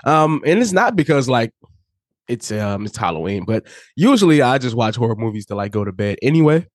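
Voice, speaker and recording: A man hosting a laid-back podcast chat, his voice a little hoarse from fighting off a cold. He talks loosely, with plenty of fillers and easy laughs. His voice sits at an ordinary middle pitch, recorded dry and close with no room sound. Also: very animated, fairly quick, no echo. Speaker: podcast co-host. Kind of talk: casual chat.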